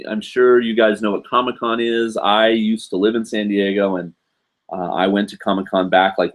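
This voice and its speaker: A man in his forties from the United States, hosting a live show and chatting in a rambling way, with lots of fillers and asides. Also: on the low side. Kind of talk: casual live stream chat.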